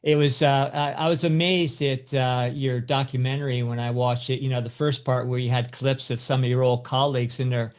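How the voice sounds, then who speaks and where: Halting, sympathetic podcast co-host man. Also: medium pitch, level tone, smooth. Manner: halting, filler-heavy, sympathetic. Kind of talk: casual podcast chat.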